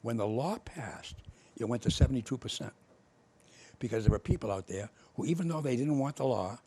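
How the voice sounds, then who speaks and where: An older man, his voice gravelly and a little husky, recounting political stories from decades ago. He talks in a relaxed, conversational way and jumps into the voices of the people in his tales. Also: medium pitch, brisk. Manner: animated storyteller acting out both sides of old arguments. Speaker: former state official telling stories. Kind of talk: casual conversation.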